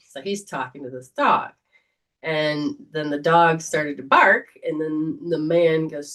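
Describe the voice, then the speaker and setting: A woman's voice: fairly low pitch, moderate pace, distant mic. A woman hosting a casual livestream as a psychic reader, talking in a chatty, rambling way. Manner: chatty, rambling, warm storytelling.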